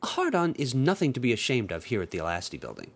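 A man's voice: medium pitch, wildly swooping pitch, fast, gravelly, breathy edge, heavily acted. A man voicing a flirty, confident woman guide in an adult audiobook, speaking in a teasing, coaxing way. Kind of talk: erotic audiobook role reading.

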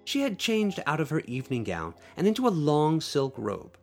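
Male podcaster reading his own fiction, expressive, slightly high voice, faint music under him. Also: moderate pace. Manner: expressive storytelling, playful asides. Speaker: podcast host and author. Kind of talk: reading his own short story aloud.

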